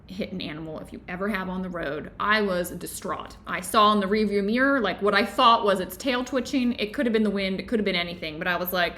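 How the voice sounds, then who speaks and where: A woman hosting a book club discussion, talking casually and telling stories in an animated, chatty way with lots of "like"s. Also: mid-range voice, quick pace, few pauses. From Florida, USA. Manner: chatty, animated storytelling with many "like"s.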